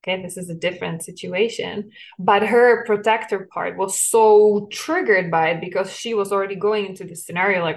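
A woman's voice: mid-range voice, steady tone, normal speed, hardly any pauses. Earnest woman hosting a parenting podcast. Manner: earnest, explanatory, with frequent light laughs. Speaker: podcast host, parenting coach. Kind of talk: solo podcast talk.

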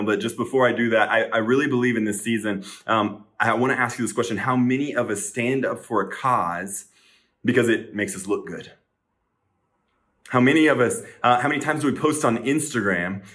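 A man's voice: mid-range voice, a bit bright. A man preaching a sermon, earnest and rising to urgent pleading.

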